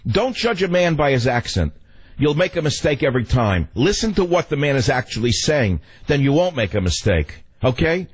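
Older New York talk radio host, husky voice, opinionated and rambling, jumps between rants and reminiscence. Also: male voice, fairly high pitch. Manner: rambling, opinionated, swings from ranting to wistful. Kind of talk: talk radio monologue and call-in.

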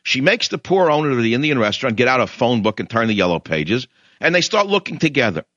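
An older man hosts a radio talk show with a bright, forceful voice, and his pitch swings widely as he rants. He mocks people and acts out their voices while he tells his story. The sound is dry and a little dull, like a radio studio. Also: big pitch swings, fast talker, no echo. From New York. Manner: indignant, mocking, storytelling with mimicked voices. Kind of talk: ranting monologue.

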